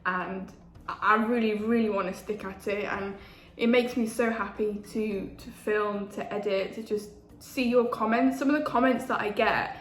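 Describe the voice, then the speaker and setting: A woman's voice: mid-range voice, steady tone, moderate pace, few pauses. Chatty young woman. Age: 20s. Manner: chatty, eating while talking. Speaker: food vlogger. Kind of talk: casual mukbang chat. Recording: echoey room with faint ambience.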